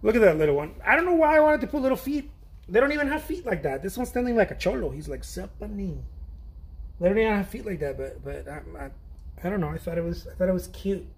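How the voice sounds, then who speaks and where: A middle-aged man with a gravelly, slightly husky voice, sitting a touch high for a man. He rambles casually while he paints, laughing at his own jokes and losing his thread. His talk is loose and self-deprecating. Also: animated, quick pace. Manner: chatty, self-deprecating, laughs often, trails off and restarts. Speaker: painter streaming an art chat.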